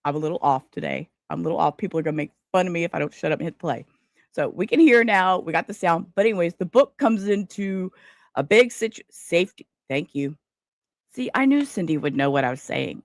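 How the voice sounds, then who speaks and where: Woman streamer, rambling, animated pitch, dry mic. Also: brisk, no echo. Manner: scattered, rambling, self-interrupting. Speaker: livestream host. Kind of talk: casual live-stream chat.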